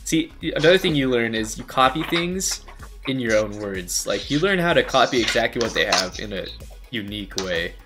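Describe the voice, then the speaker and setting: A young man in casual stream chat, rambling and joking as he acts out little bits of dialogue. His voice sits at an ordinary middle pitch. Faint music plays underneath. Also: sing-song, normal speed.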